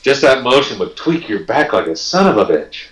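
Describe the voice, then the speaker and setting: A male co-host chatting on a podcast, making crude jokes and talking in an animated way. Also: medium pitch, moderate pace, echoey room, low-quality recording. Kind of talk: casual podcast chat.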